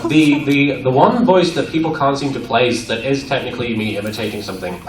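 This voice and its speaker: A man answering fan questions at a convention panel, animated and playful, laughing often. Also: mid-range voice, fairly quick, a little hiss or hum. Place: convention room at a university. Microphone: audience camera from far off. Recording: echoey room, far off, crowd around.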